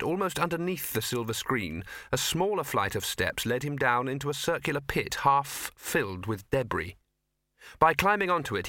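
A man reading a fantasy novel as audiobook narrator, with measured storytelling. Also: medium pitch, bright, forceful tone, no room sound, studio quality. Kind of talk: scripted narration.

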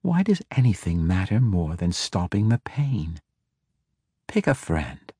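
A man reading a fantasy audiobook, voicing a cruel, mocking female dark elf who taunts her captive. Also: sits low, big pitch swings, a little slow, breathy edge, no room sound, clean studio sound, exaggerated voice. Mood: coaxing. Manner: taunting, coaxing, menacing.

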